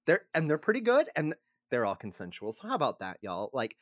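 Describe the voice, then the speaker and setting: A man's voice: mid-range voice, huge pitch swings, brisk, dry recording, clean studio sound. A man co-hosting a casual podcast, rambling and self-deprecating as he explains history. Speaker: podcast co-host.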